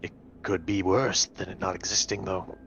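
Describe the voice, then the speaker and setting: A man playing a grown-up hulking creature in a mechanical suit, his voice deepened by a voice changer, grim and suspicious in a tabletop role-play. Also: little pitch movement, moderate pace, a bit bright, dull audio, a little hiss or hum. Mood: ominous.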